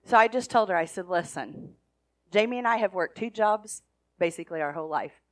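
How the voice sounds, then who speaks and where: A middle-aged woman, a foster parent, sharing a testimony with a church congregation, chatty and full of quoted asides. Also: mid-range voice. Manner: chatty, retelling conversations with quick quoted asides. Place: church service.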